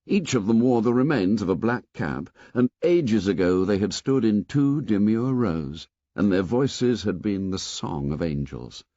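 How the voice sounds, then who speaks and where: A low-voiced man narrates a novel in a measured, expressive read, his pitch rising and falling a great deal. The audio is dry and a little dull, with no room sound. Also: no echo. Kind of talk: scripted narration.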